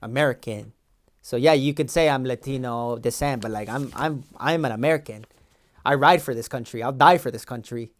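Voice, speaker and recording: A podcast co-host in his twenties, improvising a comedy sketch, voices a defensive, bragging young Mexican-American immigration agent who rambles in slang with an LA valley accent. The voice is mid-range and a little fast, close to how he'd normally talk.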